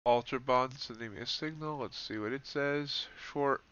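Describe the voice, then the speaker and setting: A man's voice: medium pitch, normal speed, a bit bright, smooth, highs cut off. A man live-streaming his futures trades, thinking aloud in a muttered running commentary with dry asides. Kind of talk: thinking aloud while trading.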